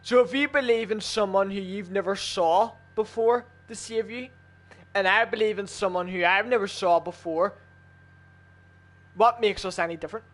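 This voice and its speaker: A man's voice: high-pitched, normal speed, a bit bright. A man in a casual chat while gaming with friends, arguing heatedly and swearing a lot. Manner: heated, profane, argumentative.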